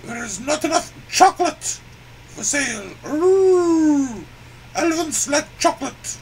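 A man's voice: extremely high pitch, animated, slow, slight background noise, exaggerated voice, poor audio. A man voicing a crude, boastful, grumpy male elephant puppet that cries "ooh" and rants with profanity. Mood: ranting. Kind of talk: puppet comedy sketch.

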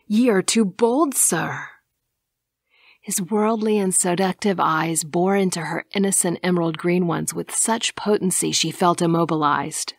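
Woman reading an audiobook, slow and measured, dry close sound, gravelly low tone. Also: no room sound. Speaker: audiobook narrator. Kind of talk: scripted narration.

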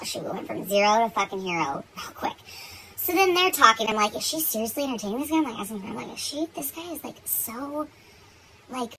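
A young woman telling a story in casual, animated chat, swearing freely and getting worked up. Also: a little high, slight background noise, rough recording. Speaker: beauty vlogger.

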